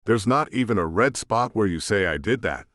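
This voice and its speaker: A man's voice: lowish voice, expressive, normal speed, a bit bright, no echo, clean studio sound. A man voicing a nervous, apologetic female spa worker in an audiobook. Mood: pleading. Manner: pleading, nervous. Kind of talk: audiobook narration.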